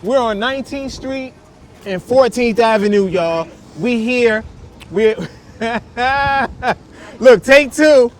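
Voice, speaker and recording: High-voiced New guy vlogging outside. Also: slow, a little hiss or hum. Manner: laid-back slangy talk to viewers. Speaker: food vlogger host. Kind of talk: casual food review vlog. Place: outdoors on a windy city street.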